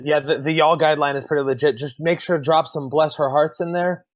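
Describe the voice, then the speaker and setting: A man's voice: fairly high pitch, steady tone, quick pace, no room sound, muffled recording. A man from Texas chatting as a player in a tabletop game session, self-deprecating and often restarting his sentences. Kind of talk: casual group chat.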